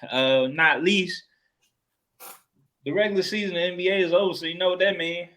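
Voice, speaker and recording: A man's voice: high voice, steady tone, moderate pace, pushed and bright. Profane joking man hosting sports chat. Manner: profane, joking, laughs often. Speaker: podcast co-host.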